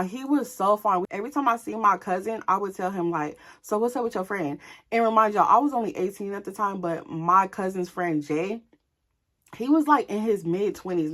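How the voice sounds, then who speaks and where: A young woman telling a story casually to her viewers. She is animated and candid, swears freely, and keeps addressing the audience. Her voice sits at an ordinary middle pitch. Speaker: vlogger.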